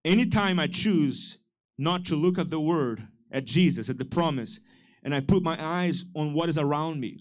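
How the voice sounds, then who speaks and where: A man's voice: fairly high pitch, animated, unhurried. A man preaching a sermon with passion, acting out the voices he quotes. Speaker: pastor.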